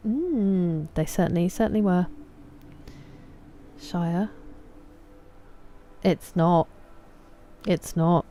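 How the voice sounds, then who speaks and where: A young English woman talks casually to her live stream chat while gaming, greeting viewers by name as she rambles. Her voice sits a little low and sounds mellow and soft-edged. A faint hiss runs under the desk-mic recording. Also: unhurried. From England. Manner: chatty, reads viewer names and greets them.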